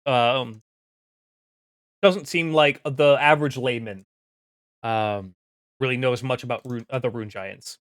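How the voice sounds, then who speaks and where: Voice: mid-range voice, slow, pauses often, no room sound, studio quality. A game master narrating a tabletop game in a rambling, profane way with many fillers.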